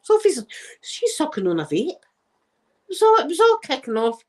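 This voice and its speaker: A woman's voice: high-pitched, wildly swooping pitch, moderate pace, a little mellow. A middle-aged woman from Glasgow with a Glaswegian Scottish accent, chatting casually and rambling as she tells stories, often laughing. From Scotland. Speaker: channel host. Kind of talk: casual chat.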